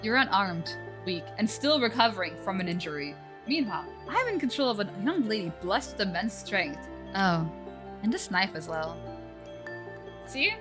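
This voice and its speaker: A natural, mid-range voice with a sing-song lilt and normal speed carries this livestream game dialogue. The woman plays an ancient spirit scheming inside a young woman's body, talking down formally in archaic phrasing while game music blares behind.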